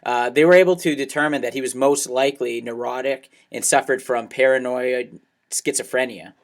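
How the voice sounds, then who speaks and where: A man hosting a true-crime podcast, reading case details in an even, conversational way. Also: mid-range voice, normal speed. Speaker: podcast host. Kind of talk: casual true-crime narration and chat.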